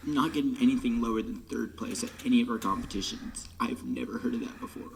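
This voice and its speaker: A man's voice: medium pitch, very animated, fast, gravelly, slight background noise. A young man gives an emotional farewell speech as drum major in a band room. He is choked up and often drops to a whisper. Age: late teens.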